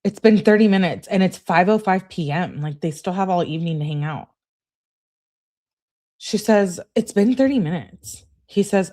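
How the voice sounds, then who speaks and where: Low-voiced woman reading texts aloud. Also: animated, normal speed, darkish tone. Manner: emphatic, exasperated asides. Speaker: true crime channel host. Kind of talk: reading text messages aloud with commentary.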